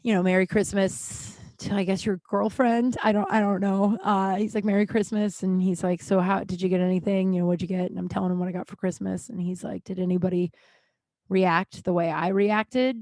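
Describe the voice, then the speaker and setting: A woman's voice: medium pitch, fairly even intonation, brisk, a little mellow, no echo. A woman hosting a podcast, telling personal stories in a candid, profane way and acting out what people said. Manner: candid, profane, acts out quotes. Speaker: podcast host. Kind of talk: casual storytelling monologue.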